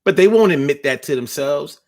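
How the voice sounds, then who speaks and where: On a casual livestream, a man reads viewer comments and delivers a preachy, blunt rant laced with profanity and street slang. His voice sits on the high side with a darkish tone, lively intonation, and a brisk pace.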